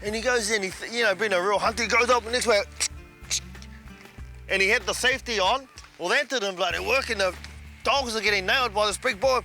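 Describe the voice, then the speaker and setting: A man telling a hunting yarn in a lively, colloquial way. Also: sits high, a little fast, soft background music. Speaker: storyteller. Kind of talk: casual anecdote.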